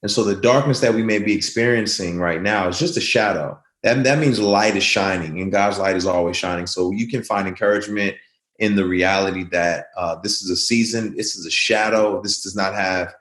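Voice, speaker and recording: A man's voice: on the low side, brisk, fairly bright tone, echoey room. A man speaking as an interview guest, earnest and reflective, telling stories in a conversational way.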